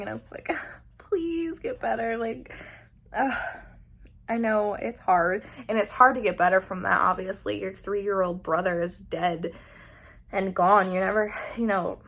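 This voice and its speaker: A woman's voice: mid-range voice, a little slow, a bit bright. A young woman chatting casually in a reading vlog, emotional and gushing, with many fillers. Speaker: book vlogger.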